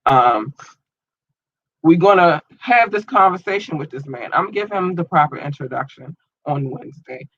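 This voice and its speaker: A man's voice: a little high, expressive, normal speed, a bit bright, muffled recording, slight background noise. Rambling slangy male podcast host. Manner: loose and rambling, slangy, lots of ums. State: eye irritated and watering. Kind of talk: casual solo podcast chat.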